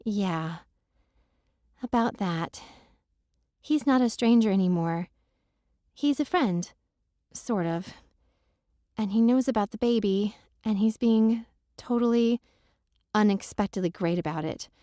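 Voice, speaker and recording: Woman audiobook narrator, first-person romance, wry and emotional; mellow, dry close-mic sound. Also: medium pitch, takes it slowly, pauses often, no echo. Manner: wry, self-deprecating and emotional.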